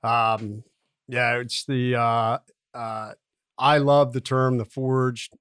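A man's voice: medium pitch, level tone, slow pace, a bit bright, clean tone, no echo. Rambling male podcast host, dry sound. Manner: rambling, friendly questions with many fillers. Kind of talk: casual interview chat.

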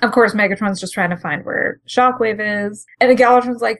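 A woman's voice: fairly high pitch, fairly quick, hardly any pauses, no echo. A woman co-hosting a podcast, chatting casually and acting out characters' lines as she recaps a comic. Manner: animated, acts out characters' lines while retelling. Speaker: podcast co-host.

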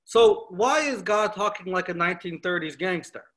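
A man giving a lecture on scripture, animated and telling stories, posing questions to his listeners. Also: high-pitched, normal speed. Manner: animated storytelling with rhetorical questions. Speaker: Torah teacher.

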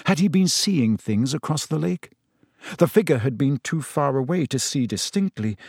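Brief: male audiobook narrator, mid-pitched, measured, close and bone-dry. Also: darkish tone, breathy edge, no room sound. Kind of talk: scripted narration.

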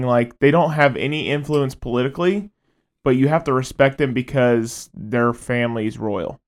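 A man's voice: mid-range voice, fairly even intonation, moderate pace, smooth. A man co-hosting a podcast, chatting casually, rambling and swearing a lot. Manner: rambling, profane, laughs often. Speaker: podcast co-host. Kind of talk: casual chat.

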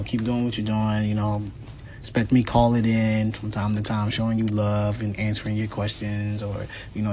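Man calling in, low steady voice, rambling and effusive, lots of fillers. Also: slight background noise. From Philadelphia. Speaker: caller. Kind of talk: voicemail message to a podcast.

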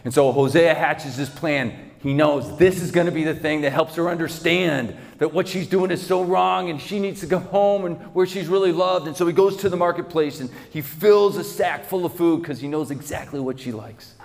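With a slightly high voice, vocal fry, and hardly a pause, a man preaches at normal speed in a church sanctuary. His dramatic, vivid retelling of a story relies on repeated phrases, and the hall's long reverb hangs on every word.

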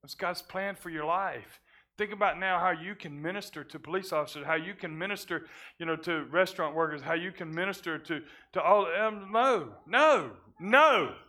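A male pastor giving a sermon testimony, moving from hushed, halting confession with repeated restarts to loud, fervent preaching. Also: a little high, steady tone. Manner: halting restarts when emotional.

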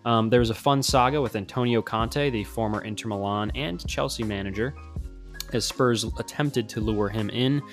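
A man co-hosting a casual podcast on a video call, talking in a halting, playful way with lots of fillers. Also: lowish voice, faint music behind. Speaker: podcast co-host.

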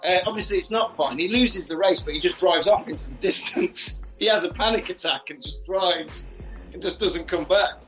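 Animated man recapping a film. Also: sits high, moderate pace. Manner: animated, swears freely, acts out quotes. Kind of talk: casual comic film recap. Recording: roomy echo, faint music.

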